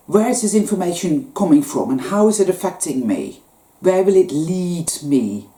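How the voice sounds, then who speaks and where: A woman's voice: on the low side, mellow. A woman giving an intense, emotional spiritual monologue, gasping at times and swearing now and then. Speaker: spiritual vlogger. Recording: echoey room.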